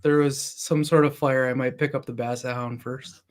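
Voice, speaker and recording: A man's voice: mid-range voice, little pitch movement, moderate pace. A man as a guest on a livestream, chatty and telling stories casually. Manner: chatty, storytelling. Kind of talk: casual interview chat.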